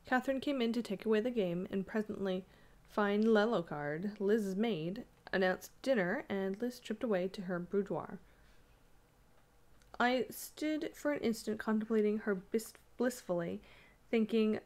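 A woman's voice: mid-range voice, unhurried, a little mellow. Woman reading a classic story aloud. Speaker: audiobook reader.

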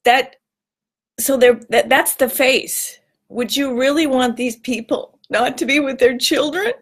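A woman hosting her own video, talking earnestly and emotionally to camera, close to tears and rising into a tearful high voice. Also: measured pace, fairly bright tone, slightly rough. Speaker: vlog host giving a weekly tip. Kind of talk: heartfelt casual talk to camera.

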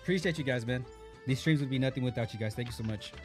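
A man's voice: medium pitch, fast, soft background music. A man live-streaming a mobile shooter, chatting casually and reacting to the match, calling everyone dude and bro. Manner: laid-back, peppers talk with "dude" and "bro". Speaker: game streamer.

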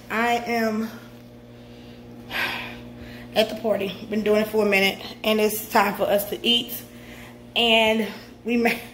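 A woman's voice: mid-range voice, roomy sound, slight background noise. A woman in her thirties chatting casually to her viewers in a vlog, tired from her workout and calling them "y'all". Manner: chatty, talks straight to viewers with lots of "y'all" and "you guys". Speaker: vlogger documenting a fitness journey. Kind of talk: casual vlog chat to camera.

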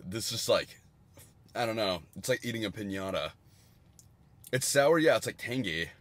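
A young man in his twenties reviews candy on a livestream, rambling and crude, with jokey bursts of excitement. His voice is lowish and his pace moderate, and the recording is dry.

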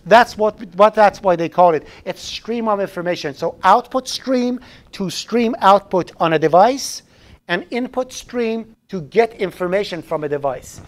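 A man's voice: high voice, animated, measured pace. A man teaching a programming class live in a classroom, chatty, often restarting phrases and throwing in joking asides. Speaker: programming instructor.

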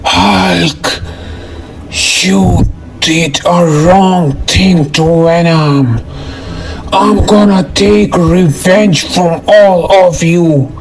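A man voicing a boastful male alien villain creature in a toy-figure story, making slow threats. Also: high voice, creaky, pitched below the performer's own voice, heavily acted.

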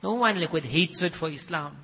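A man from South Africa with a South African Indian English accent, telling stories in a sermon with emphatic swings between loud and soft. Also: on the high side, expressive, normal speed, slightly rough. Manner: emphatic, rising and dropping loudness. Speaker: preacher. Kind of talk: sermon storytelling. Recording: muffled recording with long hall echo.

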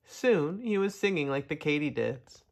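Children's story reader: man, gentle, very expressive pitch. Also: moderate pace. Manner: gentle, expressive, addressing young listeners. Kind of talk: children's story read-aloud.

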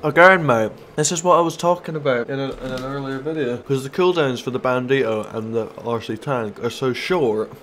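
A man's voice: medium pitch, fairly quick, few pauses, slight background noise. A man giving casual, sweary gameplay commentary, taunting and mocking other players. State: stoned. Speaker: gaming YouTuber.

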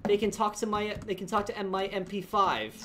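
A woman streamer giving casual gameplay commentary, laughing, swearing and reacting loudly. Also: mid-range voice, a little fast, noisy background.

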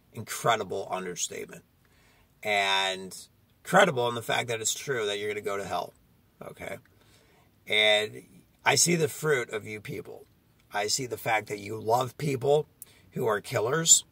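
A man's voice: lowish voice, vocal fry, sharp tone, no echo. A man preaching a fiery sermon, confronting his listeners and often asking "okay?" between his points. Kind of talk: street-style sermon.

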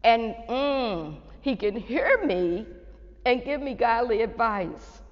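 A woman's voice: fairly high pitch, expressive, slow pace. An older woman hosting a faith talk show over a video call. She talks in an effusive way and keeps exclaiming phrases of praise. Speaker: host. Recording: echoey, muffled video call audio.

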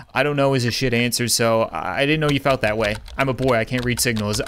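A man's voice: medium pitch, quick pace, hardly any pauses, a bit bright, a little hiss or hum. A young man playing a chat game, reading messages aloud in a jokey, mock dramatic way. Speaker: gaming YouTuber.

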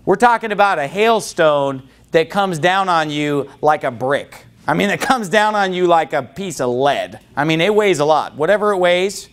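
A man preaching a fiery sermon to a congregation, whose voice climbs into shouting when he gets worked up. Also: a little high, animated, normal speed, hardly any pauses. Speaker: pastor.

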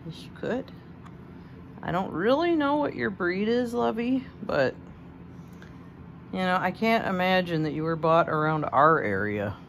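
A woman's voice: lowish voice, animated, unhurried, gravelly, slight background noise. A woman fussing over her pet guinea pig, cooing and baby-talking to it.

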